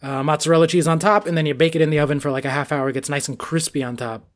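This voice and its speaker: Animated New man, casual chat. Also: fairly high pitch, very fast. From New York. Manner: animated, laughing, swears freely.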